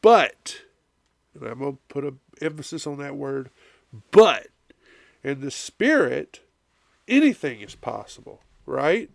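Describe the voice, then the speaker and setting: Male pastor, congested and coughing, gravelly and unhurried, dry close sound. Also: medium pitch, expressive, no room sound. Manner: conversational preaching with frequent "right?" asides. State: congested, coughing and blowing nose. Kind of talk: sermon.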